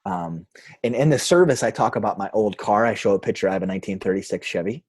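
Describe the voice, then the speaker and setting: A pastor telling a story in a podcast interview, with animated delivery and quoted voices. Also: male voice, lowish voice, fast, breathy edge, dry recording, studio quality. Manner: animated, acts out quoted voices, frequent fillers.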